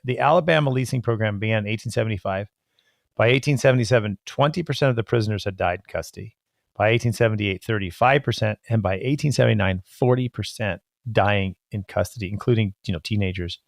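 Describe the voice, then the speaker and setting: Podcast host, male; gravelly, dry-miked voice, thoughtful and halting as he interviews. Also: lowish voice, dry recording. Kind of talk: interview, reading quotes from a book.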